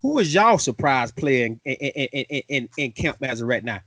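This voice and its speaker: A man hosting a sports fan show, excitable and playful, full of slang. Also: medium pitch, brisk, no room sound. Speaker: host. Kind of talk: fan sports podcast talk.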